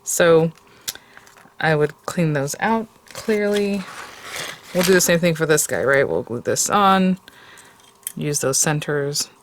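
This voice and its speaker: Low-voiced woman chatting through a craft tutorial. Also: animated, takes it slowly, long pauses, slight background noise. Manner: chatty, rambling, many fillers and self-corrections. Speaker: card-making tutorial host.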